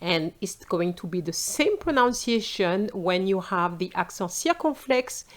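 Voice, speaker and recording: A woman's voice: medium pitch, lively intonation, measured pace. A middle-aged woman whose first language is French, speaking with a French accent as a teacher giving a pronunciation lesson, spelling out letters and modelling words with care.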